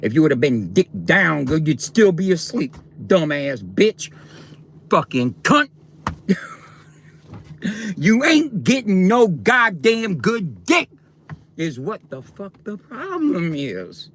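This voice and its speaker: A man's voice: a little high, wildly swooping pitch, slow pace, a bit bright, a little hiss or hum. A man ranting on a livestream, taunting and confronting his viewers directly in a coarse, profane way.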